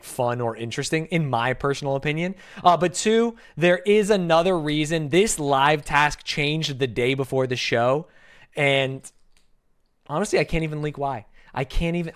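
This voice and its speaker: A man giving casual, candid commentary on his own game show, chatty and amused. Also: fairly high pitch.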